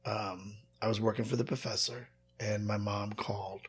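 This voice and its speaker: A man's voice: lowish voice, flat delivery, moderate pace, a little hiss or hum. Earnest Southern man telling his story. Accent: Southern American. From rural American South. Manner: earnest, acts out quoted voices when retelling. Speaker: author and guest. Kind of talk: personal storytelling in conversation.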